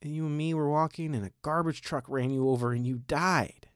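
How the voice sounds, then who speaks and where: A man's voice: a little high, steady tone, fairly quick, clear, resonant tone, no room sound, studio quality, voice pushed up, natural voice. A man voicing his young daughter as she earnestly recounts a nightmare. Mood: upset. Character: scared little girl telling a nightmare.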